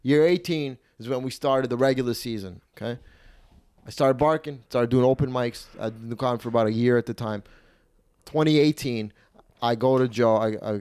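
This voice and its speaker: There's no room sound around this podcast host, a man in his twenties whose mid-range voice is clean, a little mellow, and at normal speed. He rambles through a profane, casual story and imitates the people he quotes.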